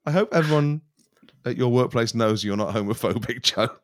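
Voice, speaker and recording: A man's voice: mid-range voice, brisk, background noise. A man co-hosting a comedy podcast, teasing the others in a wry way. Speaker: podcast co-host. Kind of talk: casual comedy podcast banter.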